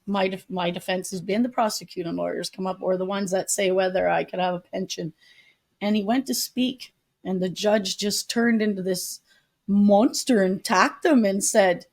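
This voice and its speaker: A woman's voice: medium pitch, fairly even intonation, normal speed, a little mellow. A middle-aged woman, a podcast guest, earnestly telling a personal story and acting out the people she quotes. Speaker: podcast guest, public advocate. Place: retreat venue.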